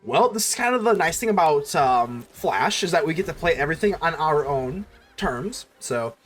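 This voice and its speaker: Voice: mid-range voice, expressive, moderate pace, soft background music. A card game streamer thinking aloud through a match, fretting and scolding themselves over mistakes in casual commentary.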